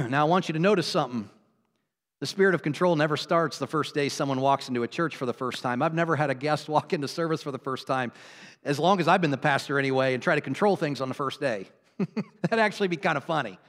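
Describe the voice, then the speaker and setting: Male pastor, sermon delivery, loud peaks and quiet asides, reverberant church hall. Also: fast talker. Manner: swings from loud exclamations to low, quiet asides; laughs between points, conversational. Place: church sanctuary.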